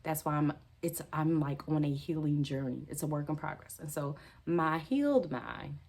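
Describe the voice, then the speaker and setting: A woman vlogger with a slightly low-pitched voice talks straight to her camera about her channel. She rambles, restarts her sentences and corrects herself, and her tone stays emotional and heartfelt. She speaks with a gap in her teeth. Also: moderate pace, a little mellow. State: tearful at times. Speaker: budgeting channel host. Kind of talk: casual talk to camera.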